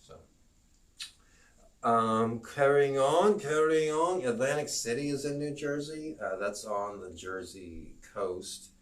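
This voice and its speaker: A man teaching a live-streamed geography lesson, rambling and halting, with self-promoting asides. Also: medium pitch, animated, distant mic.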